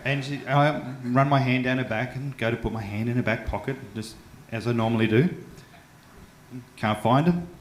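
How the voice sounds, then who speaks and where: Australian male comic, mid-pitched, stumbling and self-deprecating, roomy club sound. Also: normal speed. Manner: chatty, self-mocking, with frequent stumbles and fillers. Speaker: stand-up comedian. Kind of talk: stand-up comedy set. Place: comedy club stage. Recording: roomy club sound with faint background noise.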